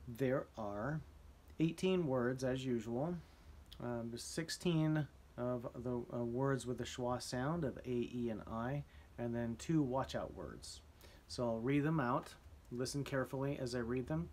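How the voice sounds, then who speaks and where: A man teaching a spelling lesson to his students, explaining slowly with frequent ums and restarts. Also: mid-range voice, darkish tone, slight background noise.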